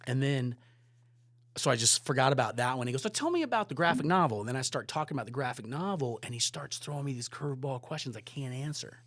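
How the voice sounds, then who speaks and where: Brief: male podcast guest, mid-pitched, animated storyteller with loud bursts and hushed asides. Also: fast talker, no room sound. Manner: animated, swearing, swings between loud and hushed. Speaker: guest photographer and director. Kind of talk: casual storytelling.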